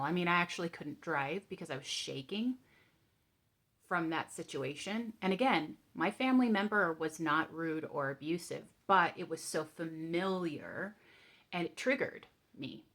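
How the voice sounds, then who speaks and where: A woman vlogger telling a personal story and then guiding a calming exercise, speaking in a candid, gentle way with frequent ums. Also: fairly low pitch, normal speed. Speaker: vlogger sharing coping tips.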